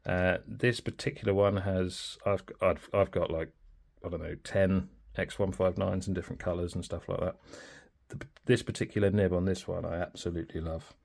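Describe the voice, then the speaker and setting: Man, low voice, gravelly, casual pen review, chatty and informal. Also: steady tone, normal speed, darkish tone. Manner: chatty, informal, thinking aloud.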